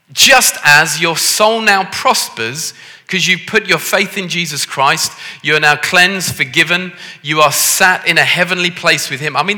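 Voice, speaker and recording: Scouse male preacher, joking and conversational, with a sharp, ringing tone in a big echoing hall. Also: fairly high pitch. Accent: Liverpool. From Liverpool, England. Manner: jokey, self-deprecating, conversational. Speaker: visiting preacher. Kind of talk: sermon. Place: church hall. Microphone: handheld microphone. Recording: reverberant church hall.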